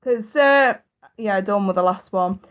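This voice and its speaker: A woman's voice: medium pitch, a little slow, smooth. A British woman in her thirties, a psychic reader chatting casually on a live stream, blunt and profane and often laughing. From United Kingdom. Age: 30s. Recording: tinny phone-like audio.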